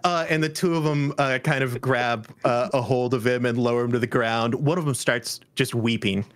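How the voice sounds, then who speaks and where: A man narrating as game master in a tabletop game, mid-pitched and halting, often pausing and restarting his lines. The recording is dry and close, with no room sound. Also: steady tone, dry recording. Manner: halting, full of fillers and restarts, chuckling.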